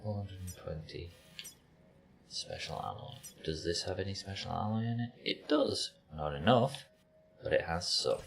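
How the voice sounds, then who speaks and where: A man's voice: deep voice, big pitch swings, moderate pace, creaky, a little hiss or hum. A man casually commenting on his gameplay, joking and talking to his chat as he plays. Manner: chatty, jokey, talks to chat while playing. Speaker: streamer.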